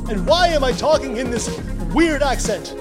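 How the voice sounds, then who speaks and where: A man's voice: extremely high pitch, lively intonation, moderate pace, over music, voice pushed up. A man voicing a grand theatrical figure in a put-on accent, declaiming in a hammy way.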